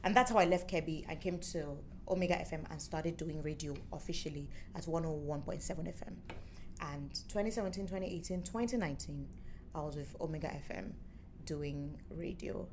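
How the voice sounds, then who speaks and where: A young Nigerian woman tells her story in a relaxed interview and acts out what other people said. She talks in a playful, animated way. A faint hiss sits under her voice. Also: sits low, a little fast. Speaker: musician and former radio presenter, interview guest.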